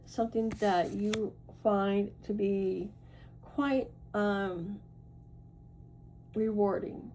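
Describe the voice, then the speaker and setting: A woman's voice: mid-range voice, dark tone, slight background noise, low-quality recording. A woman giving a casual tarot reading to her viewers, reassuring and chatty, often checking in with "right?" and "okay?". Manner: loose and chatty, with fillers and self-corrections. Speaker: tarot reader.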